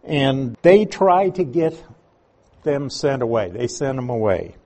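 A man's voice: mid-range voice, big pitch swings, takes it slowly, dark tone. A man teaching a Bible passage, reading verses aloud and explaining Greek words.

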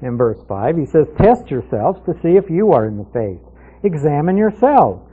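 A man's voice: a little high, sing-song, moderate pace. A man teaching through a Bible passage verse by verse, in a conversational way, asking questions and answering them himself. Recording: tinny phone-like radio broadcast.

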